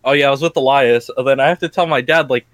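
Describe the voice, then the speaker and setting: A young man telling a story casually to friends, animated, laughing often and swearing. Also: mid-range voice, fast talker, dry recording.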